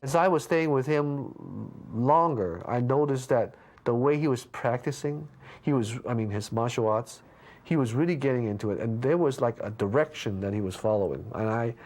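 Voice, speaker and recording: A man being interviewed, casually telling a story with lots of restarts and stammers, jumping up in pitch when he acts out what people said. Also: moderate pace, faint music behind. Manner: lively anecdote with frequent restarts and stammers; acts out quoted lines with big pitch jumps.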